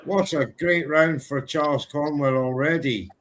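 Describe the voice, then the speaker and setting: A man from Britain co-hosting a live boxing watchalong, excitable and energetic in his play-by-play. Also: on the high side, unhurried. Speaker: co-host.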